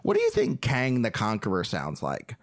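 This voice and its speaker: Excitable male podcast co-host, very lively pitch, casual and profane. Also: moderate pace. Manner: excitable, swearing, laughing often. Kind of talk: casual chat.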